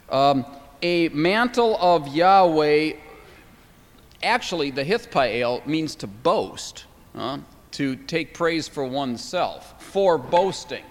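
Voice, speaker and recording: A man teaching a class, enthusiastic and thinking aloud, often pausing on fillers and restarting words. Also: fairly high pitch, long reverb tail. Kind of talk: classroom lecture.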